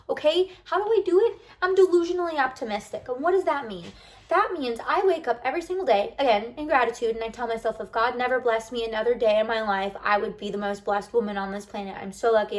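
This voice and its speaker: A bubbly woman vlogger talking casually and animatedly straight to her viewers. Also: fairly high pitch. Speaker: lifestyle vlogger. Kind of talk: casual chat to camera.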